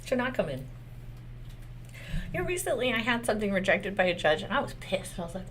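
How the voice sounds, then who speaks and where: A Texan woman lawyer talks through a case in a loose, conversational way, cursing freely and tossing out rhetorical questions. Her pitch swings a lot, and a faint hiss sits under the recording. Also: lively intonation, fast talker, pauses often, fairly bright tone. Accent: Texas. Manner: candid, profane, rhetorical questions. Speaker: lawyer commentator. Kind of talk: casual legal commentary.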